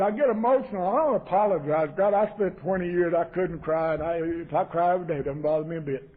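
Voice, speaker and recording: Southern man, AA speaker, folksy storyteller, high voice, tinny cassette tape. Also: fast talker, hardly any pauses. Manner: folksy, emotional, acts out dialogue in his story. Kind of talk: recovery talk with storytelling. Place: meeting hall.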